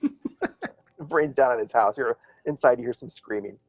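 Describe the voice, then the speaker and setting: A man's voice: mid-range voice, no room sound. A man narrates a tabletop game as its game master, stopping and restarting as he goes. His voice sits in the middle range. It is recorded close, with a dry sound. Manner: relaxed, halting narration with frequent fillers.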